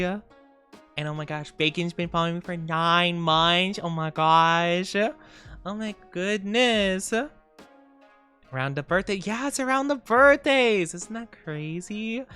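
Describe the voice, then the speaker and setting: Smooth-voiced, tired, giggly woman streamer. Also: lowish voice, fairly bright tone. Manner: rambling, giggly, reads and greets chat. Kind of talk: casual live-stream chat.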